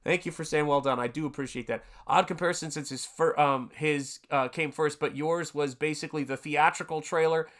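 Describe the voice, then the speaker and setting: A man's voice: on the high side, fairly even intonation, a little fast, few pauses, fairly bright tone. A man from Tennessee chatting casually on a live art stream, rambling through a story and greeting viewers in the chat. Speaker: livestreaming artist.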